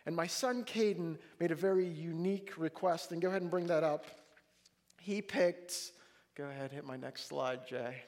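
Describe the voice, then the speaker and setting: A pastor with a notably high voice preaches a sermon from the stage. He tells a family story in an animated, jokey way and acts out every exchange. His voice rings with the long reverb of a large hall. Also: normal speed. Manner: animated, jokey storytelling with lively acted-out dialogue.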